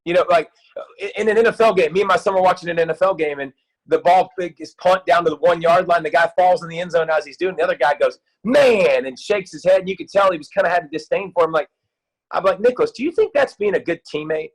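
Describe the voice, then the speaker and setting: A man in his thirties, a youth football coach, talking in an excited, rambling way with many restarts in a casual interview. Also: on the high side, quick pace, poor audio.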